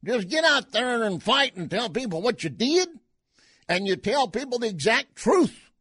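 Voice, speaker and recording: A man putting on an impression of a folksy older Cajun political strategist, with a high, emphatic drawl. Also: big pitch swings, moderate pace, a bit bright, slightly rough, no room sound, clean studio sound, full character voice. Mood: scolding.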